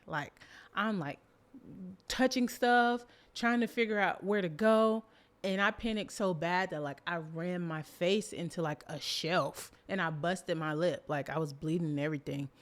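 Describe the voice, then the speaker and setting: Animated woman telling a story. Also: on the low side. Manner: animated, laughs loudly, lots of "like" fillers. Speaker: podcast host. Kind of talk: casual storytelling.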